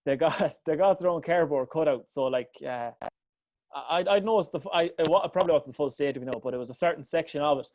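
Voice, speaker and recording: Laughing podcast host, dry sound. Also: male voice, on the high side, quick pace, darkish tone, dry recording. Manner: laughing, stumbling restarts. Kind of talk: casual podcast chat.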